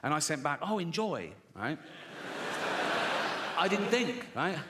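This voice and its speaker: A man's voice: a little high, lively intonation, slow pace, heavy background noise. A man doing crude, sardonic stand-up comedy on a live stage, often breaking into laughter. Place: live stage before an audience.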